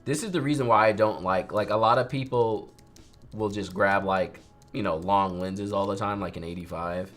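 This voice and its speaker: Faint music plays behind a young man whose fairly low voice moves at a moderate pace as he livestreams. A photographer, he edits pictures and teaches, chatting casually in an animated, ranting manner and often mimicking others.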